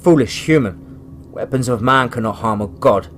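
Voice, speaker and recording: A man voicing a huge, menacing male bear god in a storybook horror tale, slow and taunting. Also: medium pitch, fairly bright tone, a little hiss or hum, natural voice.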